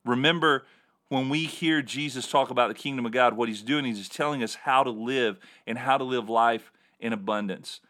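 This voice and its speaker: A man's voice: medium pitch, normal speed, pushed and bright. A man hosting a Bible teaching show, reading scripture and explaining it in an earnest, emphatic way. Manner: earnest, emphatic with repeated words. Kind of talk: sermon-style Bible teaching.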